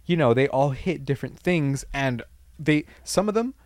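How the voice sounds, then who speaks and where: A young man in relaxed podcast banter, rambling and swearing as he acts out lines from sketches. His voice sits in a middle range, and the sound is close and dry with no room echo. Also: moderate pace. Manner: rambling, swears, acts out quotes with big pitch jumps. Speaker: podcast co-host. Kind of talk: casual chat.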